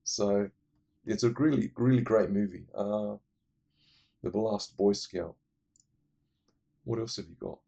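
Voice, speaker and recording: A man's voice: lowish voice, slow pace, vocal fry, long pauses, mellow. A man rambling enthusiastically through casual film recommendations, full of fillers. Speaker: movie reviewer.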